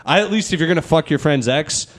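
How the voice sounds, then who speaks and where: A man's voice: a little high, animated, fast. A young man hosting a podcast, telling loose, profane stories and laughing at his own jokes. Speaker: podcast host. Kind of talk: casual podcast chat.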